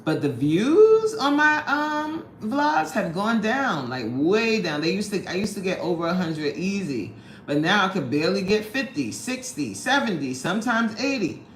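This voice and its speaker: Broadcasting live from a room at work, this lively woman chats casually with her viewers, greeting them with excitement and laughing frequently. She talks at a moderate pace with very animated pitch, and the audio has a roomy echo plus a faint hiss.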